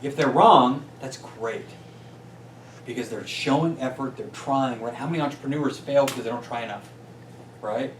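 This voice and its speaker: A man giving an energetic motivational talk as a business coach to a small group, often checking in with "right?". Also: mid-range voice, normal speed, pauses often. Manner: energetic, peppers points with "right?". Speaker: business coach and guest speaker. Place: meeting room with a small audience. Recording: roomy distant sound with faint noise.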